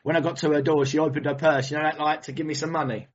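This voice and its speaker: A man telling a personal recovery story at a meeting, animated and swearing, with vivid storytelling and emotional emphasis. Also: on the high side, fast talker, highs cut off, slight background noise. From England.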